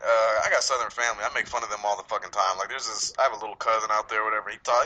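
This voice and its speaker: A man's voice: on the low side, steady tone, racing, few pauses, pushed and bright, rough recording. A man from Los Angeles with an LA accent, hosting a casual chat, swearing and laughing often. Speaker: podcast host.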